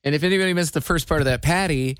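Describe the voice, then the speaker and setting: A man's voice: fairly high pitch, rapid-fire, fairly bright tone, smooth, no room sound. A man hosting a radio show, chatting casually with wry, rambling, self-deprecating complaints on a studio microphone. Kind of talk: casual on-air banter.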